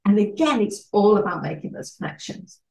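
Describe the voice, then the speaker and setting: A woman, a networking trainer giving a lively presentation talk and acting out little dialogues. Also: mid-range voice, fairly quick. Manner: animated, acts out little dialogues. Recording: echoey room, distant mic.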